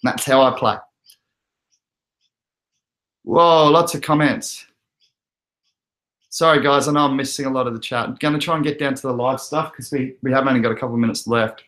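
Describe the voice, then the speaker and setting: A man's voice: medium pitch, steady tone, moderate pace, long pauses, fairly bright tone. A young Australian man with an Australian accent hosting a casual live stream, chatty and laughing often as he reads out viewer comments. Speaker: crypto livestream host. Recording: echoey room.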